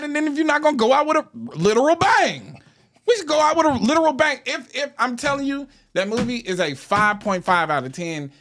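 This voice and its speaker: A man's voice: extremely high pitch, a bit bright. A man co-hosting a comedy podcast, talking casually and profanely, laughing often as he rants about a movie. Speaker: podcast co-host.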